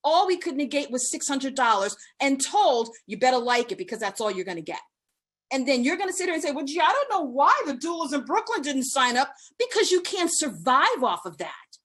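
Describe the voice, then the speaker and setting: High-voiced, impassioned woman testifying. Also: a bit bright. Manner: impassioned, indignant. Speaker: hospital doula testifying at a hearing. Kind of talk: public testimony. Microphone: remote video call.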